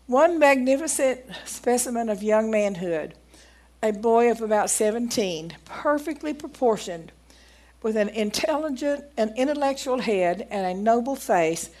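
A woman giving a folksy sermon, reading aloud from a book and growing emphatic as she preaches. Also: fairly high pitch. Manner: folksy, grows emphatic and loud when preaching.

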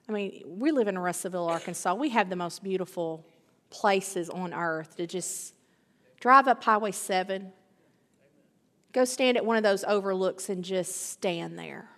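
A woman's voice: medium pitch, measured pace, a bit bright. Woman preaching in a reverberant hall. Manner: emphatic, repeats key phrases, builds in intensity. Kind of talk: sermon. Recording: long reverb of a large hall.

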